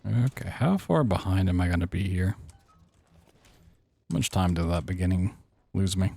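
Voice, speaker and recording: A young man casually chatting to his viewers while speedrunning a game, relaxed and playful. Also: deep voice, moderate pace, creaky, no room sound. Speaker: speedrunning streamer. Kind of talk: casual live-stream commentary while playing.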